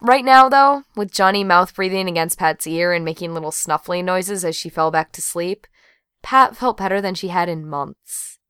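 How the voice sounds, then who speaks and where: A woman reading an audiobook aloud in an expressive, even-paced way, in a dry studio. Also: on the low side, moderate pace, clean tone, no room sound. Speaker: audiobook narrator. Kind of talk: audiobook narration.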